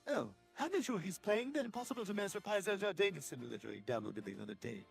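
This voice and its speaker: A man's voice: sits high, sing-song, quick pace, creaky, soft background music, exaggerated voice. A synthetic man's voice playing a matter-of-fact, know-it-all cartoon character.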